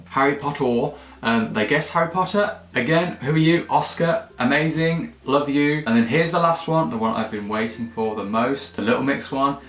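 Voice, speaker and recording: A young man vlogging in a casual, jokey, excitable way, swearing freely. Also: medium pitch, normal speed, few pauses. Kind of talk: casual direct-to-camera chat. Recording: echoey room, faint music.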